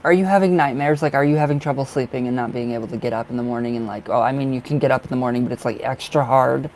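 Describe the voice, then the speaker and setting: Male tarot reader, middle pitch with a gravelly rasp, effusive and chatty on a live stream. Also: quick pace, darkish tone, slight background noise, rough recording. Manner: effusive and affectionate, talks to viewers by name; chatty, laughs often, restarts sentences. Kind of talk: casual live-stream chat.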